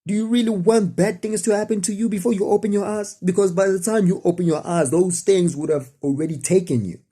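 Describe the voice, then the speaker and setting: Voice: medium pitch, fairly quick, warm tone, husky. A spiritual speaker, preaching casually to camera in a rambling, repetitive way full of rhetorical questions. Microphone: camera facing the speaker.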